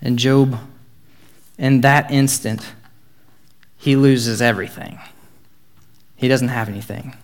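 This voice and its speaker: Young man, middle-pitched, casual upbeat youth-talk delivery. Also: fairly even intonation, slow pace, long pauses. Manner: casual, joking, upbeat storytelling.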